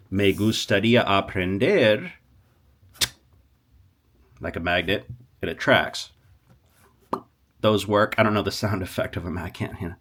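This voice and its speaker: Really deep guy teaching spanish on camera, animated, keeps restarting lines. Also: takes it slowly, pauses often. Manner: animated, talks to viewers, stops and restarts a lot. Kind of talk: casual language lesson.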